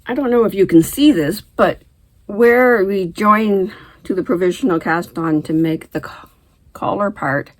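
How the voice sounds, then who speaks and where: A woman's voice: medium pitch, a little slow. A middle-aged woman hosting a knitting video, chatting casually to camera and laughing easily as she talks. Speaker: knitting podcast host.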